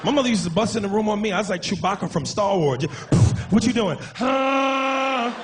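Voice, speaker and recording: A man doing a stand-up comedy set on a club stage, brash and profane, breaking into shouted impressions. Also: high voice, rapid-fire, noisy background.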